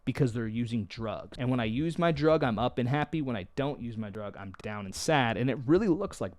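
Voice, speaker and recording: A man talking openly to camera in a vlog, candid and self-deprecating, moving between loud emphasis and quiet asides. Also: mid-range voice, no room sound. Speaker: mental health vlogger.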